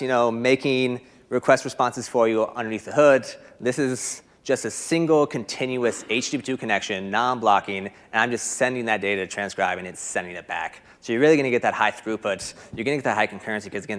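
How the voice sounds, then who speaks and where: A man with an American accent giving a fast, filler-laden technical conference talk while demoing code. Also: fairly low pitch. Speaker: conference presenter. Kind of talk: live coding demo talk.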